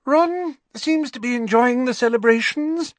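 A man's voice: measured pace, dry recording. Hermione, a man doing a brittle, hurt teenage witch. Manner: brittle, unnaturally high-pitched.

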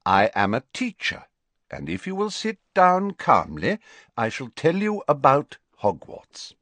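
Storybook elderly wizard teacher, patient and formal, slow and unhurried, voiced by a man. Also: a little high, huge pitch swings, no echo, pitched above the performer's own voice, heavily acted. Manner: patient, measured, gently formal. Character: calm, patient elderly male headmaster wizard.

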